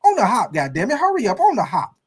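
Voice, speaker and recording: A man voicing an angry male football head coach who yells and curses at his player. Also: sits high, wildly swooping pitch, quick pace, breathy edge, pitched above the performer's own voice, full character voice. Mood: yelling. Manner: yelling, cursing, bossy.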